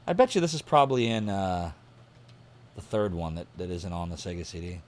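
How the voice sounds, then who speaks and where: A low-pitched man with a lively, swinging delivery, casually streaming a mystery game. He reads the in-game articles aloud, then muses to himself in a chatty, thinking-out-loud way as he writes down clues. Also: brisk, a little hiss or hum. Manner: chatty, thinks aloud while taking notes. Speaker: streamer playing a detective game. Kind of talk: casual live-stream commentary, reading game text aloud.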